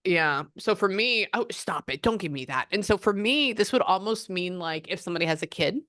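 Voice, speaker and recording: A woman's voice: mid-range voice, expressive, a little fast, fairly bright tone, dry recording, studio quality. A woman psychic medium giving a client reading, chatting and often quoting the spirit's messages.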